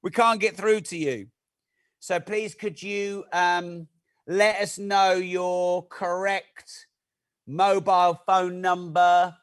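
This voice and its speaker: A man hosting a live-streamed masterclass, talking in an energetic, chatty way with jokey asides to his viewers. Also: high voice, slow pace. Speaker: masterclass host. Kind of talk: live-streamed teaching talk.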